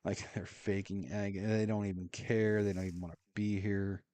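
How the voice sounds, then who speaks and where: A man's voice: fairly low pitch, flat delivery, normal speed, dark tone. A man telling a long story in a casual, rambling way while playing a game, full of fillers and chuckles. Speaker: gaming streamer.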